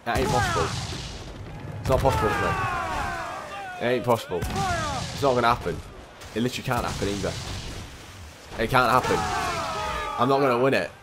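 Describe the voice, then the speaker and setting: Talking fast and pausing often, this young gamer sounds exasperated as he comments on his play, his mid-range voice repeating the same complaints to himself. Loud game music and booming cannons run underneath.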